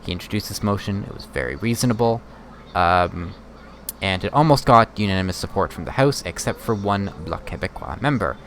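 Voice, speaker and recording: A man streaming casual political commentary, rambling and halting with many fillers. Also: low-pitched, lively intonation, fairly bright tone, a little hiss or hum. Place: home streaming setup.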